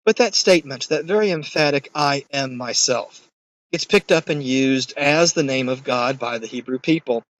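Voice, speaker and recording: A man's voice: fairly high pitch, moderate pace, hardly any pauses, no room sound, low-quality recording. A man giving a recorded course lecture in a conversational, emphatic way, with occasional fillers.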